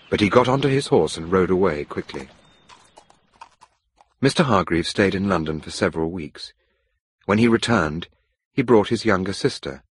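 Deep raspy guy reading a chapter book, pretty lively tone, dry close mic. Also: dry recording. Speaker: audiobook reader. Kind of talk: scripted narration.

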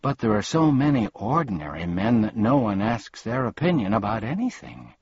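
Pompous, forgetful storybook gent with a husky, lively delivery, voiced by a man, dull, dry recording. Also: fairly low pitch, moderate pace, heavily acted. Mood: cheery, rambling. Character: ordinary grown man, pompous, scatterbrained, cheerful.

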